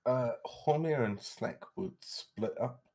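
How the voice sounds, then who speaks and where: A man's voice: medium pitch, slow pace, dark tone. A man playing a tabletop game, casually explaining his moves with some uncertainty. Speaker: player.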